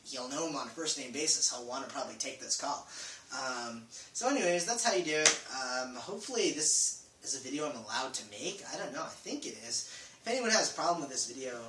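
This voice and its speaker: A man's voice: mid-range voice, animated, fairly quick, pushed and bright, distant mic. A man giving a casual how-to vlog, rambling with lots of fillers and small jokes. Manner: rambling, filler-heavy, jokey. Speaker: vlogger. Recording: echoey room, voice from off-mic, faint noise.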